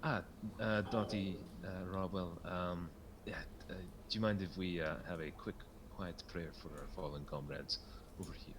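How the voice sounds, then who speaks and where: A man plays a gentle female paladin in a tabletop game, with a deep, bright voice that stays soft and halting, full of polite pauses. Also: sing-song, slight background noise.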